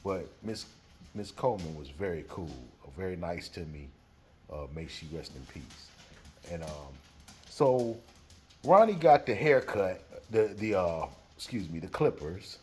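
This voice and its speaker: A man telling a story in a casual way, animated and laughing as he acts out the scene. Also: sits low, a little slow, a little hiss or hum.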